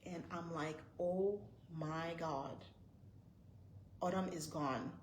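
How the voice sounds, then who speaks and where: A woman in her thirties tells her viewers about a frightening moment. She talks in a tense, breathless way, circling back over the same phrases, and her lowish voice rings off the walls of an echoey room. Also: fairly even intonation, slow, slight background noise. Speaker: vlogger, mother. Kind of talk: storytelling to camera.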